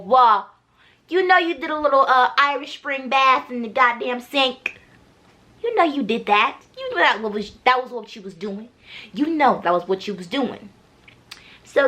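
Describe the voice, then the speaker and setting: A young woman with a high, bright voice talks through a TV episode recap. She is chatty and animated, and she breaks off into slangy asides straight to her viewers. It plays as a casual home review. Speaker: TV recap vlogger.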